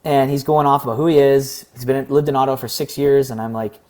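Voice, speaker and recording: A young man from Canada, talking through a personal story in a casual, rambling vlog, his voice slightly hoarse. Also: mid-range voice, fairly even intonation, fast, a little mellow. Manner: earnest, rambling, acts out quoted exchanges. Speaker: vlogger.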